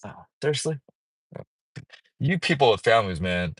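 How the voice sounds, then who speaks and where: A man talks loosely to his phone on a livestream outside a mall. His pitch swings around a lot as he jokes and rants, and the sound is dry and close. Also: lively intonation, normal speed, breathy edge, dry recording. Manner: rambling, playful, swears freely, sudden singing and high-pitched bits. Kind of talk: casual livestream chat. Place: outdoors at a mall parking area.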